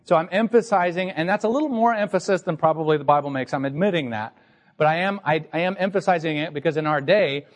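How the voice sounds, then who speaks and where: A man's voice: a little high, long reverb tail. A man pastor preaching an emphatic, teacherly sermon to his congregation in a church sanctuary.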